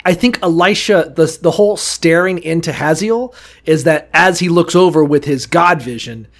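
A man's voice: fairly high pitch, normal speed. A man co-hosting a podcast, casually joking and swearing as he retells stories. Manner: joking, profane, acts out voices for bible figures. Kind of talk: irreverent casual chat.

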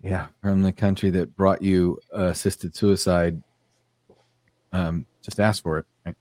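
Guy hosting a podcast, lowish voice, kinda sarcastic, dead dry mic. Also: level tone, a little slow, a little mellow, no echo. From United States. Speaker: podcast host. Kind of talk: casual podcast chat, reading news aloud.

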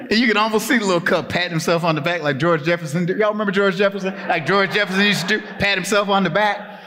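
In a church sanctuary with a long reverb tail, a man with a fairly high voice speaks a little fast as he delivers a children's sermon. He tells a playful animal story and gets the congregation to join in, keeping things animated and drawing the crowd in.

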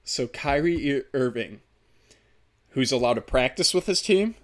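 A man's voice: mid-range voice, animated, measured pace. A young man from the United States hosts a podcast in the middle of an angry rant. He swears constantly and gets worked up in heated, exasperated bursts. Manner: heated, profane, ranting.

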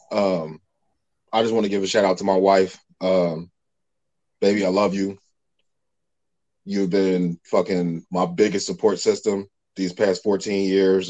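Male podcast host, thirties, lowish voice, blunt and profane, casual talk. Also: a little mellow, rough recording.

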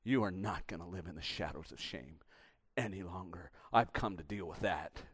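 A preacher voicing a soft, tender teacher. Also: male voice, on the high side, lively intonation, a little slow, smooth. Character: gentle tender male teacher.

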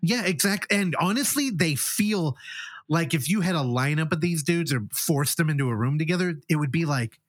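Animated, rambling male podcast co-host. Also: on the high side, normal speed, no echo, studio quality. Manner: animated, rambling storytelling with quoted reactions. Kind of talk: casual chat.

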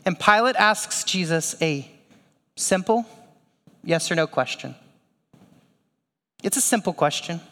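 A man with a high, light voice preaches a sermon, talking to the congregation in a casual, conversational way and tossing in rhetorical questions. His words ring out with a long reverb, as in a church hall. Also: a bit bright. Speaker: pastor.

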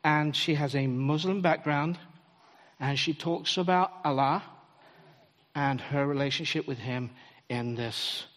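A man preaching a sermon in a church, telling stories in an animated way and acting out the quotes. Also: on the high side, unhurried. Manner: animated storytelling, acts out quotes. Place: church hall. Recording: long hall reverb.

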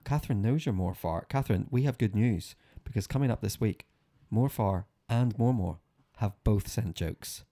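A man's voice: lowish voice, moderate pace, mellow. A man hosting a casual family podcast, cheerful and playful as he reads out jokes. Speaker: podcast host.

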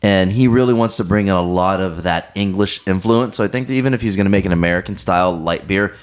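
A man, the beer insider on a casual tasting chat in a bar, explaining in a halting way with fillers. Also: low voice. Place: bar with a small live audience.

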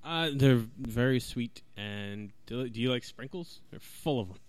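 A man's voice: medium pitch, animated, a little slow, smooth, dry recording. A man co-hosting a podcast, throwing in teasing, laid-back quips. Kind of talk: casual podcast chat.

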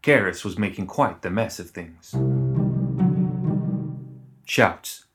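A man narrating an audiobook in a measured, even storytelling manner. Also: deep voice, loud music behind the voice.

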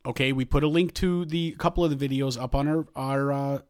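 A man's voice: mid-range voice, fairly even intonation, a little fast. A middle-aged man co-hosting a podcast, telling stories in a rambling, casual way with frequent restarts. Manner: rambling storytelling with many restarts. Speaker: podcast co-host. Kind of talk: casual chat.

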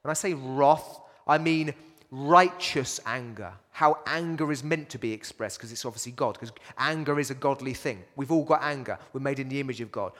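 A man's voice: mid-range voice, moderate pace, fairly bright tone, long reverb tail. A man preaching a sermon to his congregation in a casual, conversational way, asking rhetorical questions and restarting phrases often. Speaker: pastor.

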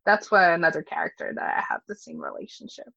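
A woman's voice: fairly low pitch, wildly swooping pitch, fast, creaky, bright, forceful tone. A woman chatting casually as a podcast co-host, talking hesitantly with lots of fillers. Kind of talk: casual TV recap chat. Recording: dry, dull lo-fi sound.

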